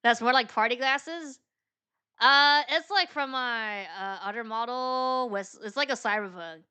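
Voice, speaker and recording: A woman's voice: a little high, a little slow, sharp tone, smooth. A woman streaming a game, reading its dialogue aloud and chatting in a rambling, filler-heavy way, laughing often. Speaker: VTuber streamer.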